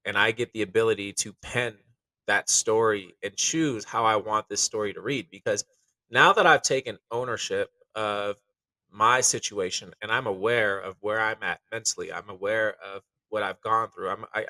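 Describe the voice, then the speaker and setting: A chef speaking candidly on a podcast, earnest and reflective, with lots of "like" and "you know.". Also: male voice, fairly low pitch, normal speed, bright, forceful tone, no echo, distant mic, low-quality recording. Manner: earnest and reflective, many fillers.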